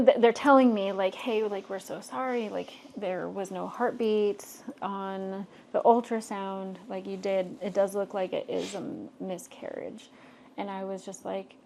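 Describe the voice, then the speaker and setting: A woman's voice: medium pitch, a little mellow, a little hiss or hum. Candid young woman podcast co-host. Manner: frank, filler-heavy, acts out others' remarks in quotes. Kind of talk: candid conversational storytelling.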